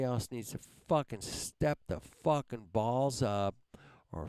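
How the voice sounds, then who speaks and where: A man's voice: medium pitch, lively intonation, slow, a little mellow, clear, resonant tone, no room sound. A man hosting a livestream, ranting angrily at his viewers in heavy profanity and ending phrases with "man". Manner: heated, heavily profane, repeats "man". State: angry. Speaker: livestream host. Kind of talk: angry livestream rant at viewers.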